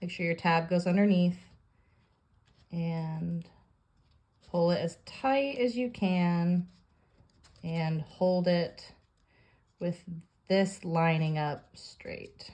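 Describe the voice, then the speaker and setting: A woman with a somewhat low voice guides the listener through a paper craft project. She talks calmly and plainly, describing each step while her hands are busy with the work. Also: very slow, long pauses. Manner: calm step-by-step instructions while working. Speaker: craft tutorial host.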